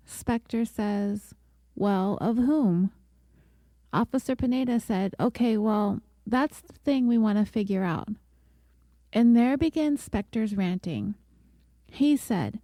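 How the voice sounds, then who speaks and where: A woman podcast host reading a scripted true-crime story in a measured, deliberate way. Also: mid-range voice, warm tone, no room sound.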